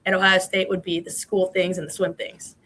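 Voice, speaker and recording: A woman's voice: on the low side, flat delivery, brisk, a bit bright, low-quality recording. A woman in her twenties, a former college swimmer, answering interview questions in a chatty way with many fillers.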